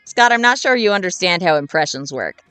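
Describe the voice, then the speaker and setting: A woman's voice: fairly low pitch, big pitch swings, fairly quick, bright, forceful tone, clean tone, no echo, soft background music, pitched below the performer's own voice. Woman doing a dry, exasperated smart girl. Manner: dry, impatient explaining.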